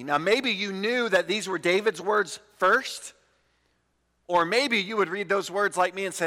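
A man preaching a sermon as pastor, earnest, slowing down to stress key words. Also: high voice, sharp tone, long reverb tail. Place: church sanctuary.

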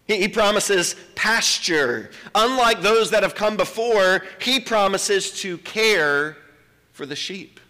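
A male pastor delivers an emphatic sermon, his voice high and bright with a forceful edge. He slows right down to stress quoted scripture. The sound carries the long reverb of a church sanctuary hall. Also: expressive.

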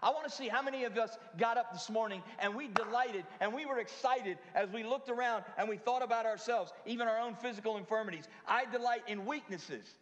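A man's voice: very high voice, fast talker, few pauses, a bit bright, dull audio. Man preaching in a reverberant sanctuary. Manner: conversational preaching with asides to the congregation. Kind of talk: sermon. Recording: long hall reverb.

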